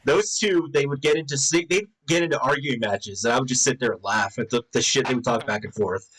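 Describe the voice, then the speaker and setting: A man's voice: medium pitch, a little fast, fairly bright tone, breathy edge, poor audio. A man in casual conversation with friends, swearing freely, laughing often and mimicking friends as he tells stories. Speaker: co-host of a gaming channel. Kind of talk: casual memorial chat among friends.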